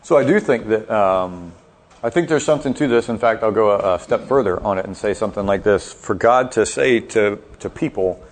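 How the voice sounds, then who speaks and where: A man leading a group theology discussion, thinking aloud with lively asides. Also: lowish voice, moderate pace. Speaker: discussion leader.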